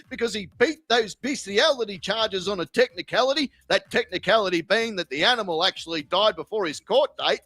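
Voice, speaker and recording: A man narrates in a crude, mocking tone, his voice pitched very high and swinging through a wide range. The sound is dry and close to the mic. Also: pushed and bright, no room sound. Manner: profane, sneering, sarcastic. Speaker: video narrator. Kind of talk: scripted mocking commentary.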